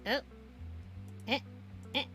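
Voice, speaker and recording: A woman streaming a game, chatting casually with her viewers in a bubbly, excitable way. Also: takes it slowly, faint music behind. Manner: bubbly, excitable, cheering and laughing. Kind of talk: casual live-stream chat.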